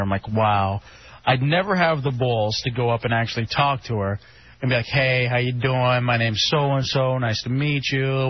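A man's voice: fairly high pitch, a little hiss or hum. A man hosting a radio show, telling stories in loose, joking banter into a studio mic. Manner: lively, joking storyteller. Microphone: studio mic with headphones. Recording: dull lo-fi radio sound.

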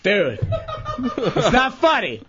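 A radio show producer, a man, talking loudly and yelling in casual radio banter. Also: high-pitched, wildly swooping pitch, slow. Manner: loud, worked-up and yelling. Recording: dull sound with clear background noise.

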